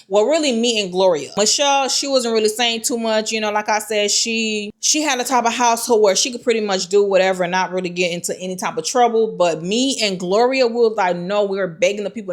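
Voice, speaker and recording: Animated woman telling a personal story. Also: fairly high pitch, fairly quick, hardly any pauses. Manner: animated retelling with slang and quoted voices.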